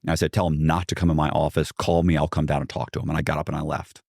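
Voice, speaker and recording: A man with a deep, low voice tells a long story as a podcast guest. He talks animatedly, slipping into the voices of the people he quotes, full of "like" and restarts. The sound is dry and close, with no room around it. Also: flat delivery, very fast, vocal fry, darkish tone, dry recording.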